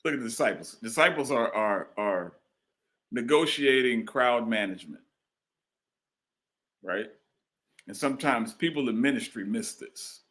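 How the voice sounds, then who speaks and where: A man delivers a sermon with an animated, swinging delivery. His voice is bright and forward, and he repeats phrases to drive points home, calling out to the congregation. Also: medium pitch, measured pace, long pauses. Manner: call-and-response preaching, repeats phrases. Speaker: preacher. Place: church.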